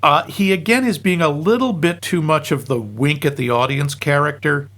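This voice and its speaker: A man's voice: fairly high pitch, a bit bright. A man co-hosting a casual movie review podcast, nerdy and wry. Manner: nerdy, wry, quick asides. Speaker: podcast co-host.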